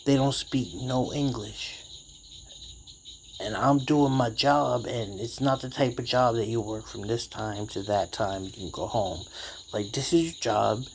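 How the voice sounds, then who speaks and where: A man tells a story in a loose, rambling way, swearing freely and using street slang. His voice sits at an ordinary middle pitch. A faint hiss runs under the recording. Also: measured pace, gravelly. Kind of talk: casual storytelling.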